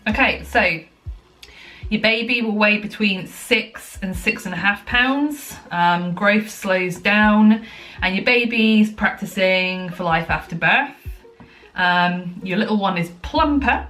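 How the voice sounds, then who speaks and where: Faint music plays behind a young woman from the UK vlogging at home, talking casually to the camera. She is a bit breathless and rambles with lots of ums and likes, in a medium-pitched, slightly bright voice that takes its time.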